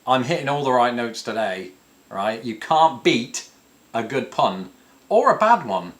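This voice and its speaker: A British man in his thirties chats to camera in a casual Q&A, voice sitting at an ordinary middle pitch. He jokes in a dry, self-mocking way, slipping in puns. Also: sing-song, unhurried. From England. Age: 30s. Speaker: YouTube host answering viewer questions.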